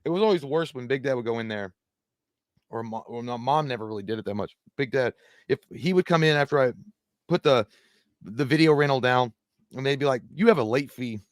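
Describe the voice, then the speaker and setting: A man's voice: mid-range voice, fairly quick, no echo, clean studio sound. A man in his thirties co-hosting a casual live movie chat, rambling through profane stories. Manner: rambling, profane anecdotes with laughs and restarts. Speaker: co-host of a live movie talk show.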